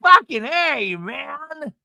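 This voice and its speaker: A man's voice: very high-pitched, very animated, drawn-out words, gravelly, sharp tone, no room sound, clean studio sound, voice pushed up, heavily acted. A man imitating a frantic woman who screams and calls out over and over. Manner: screaming, calling out repeatedly. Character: frantic woman yelling for a friend.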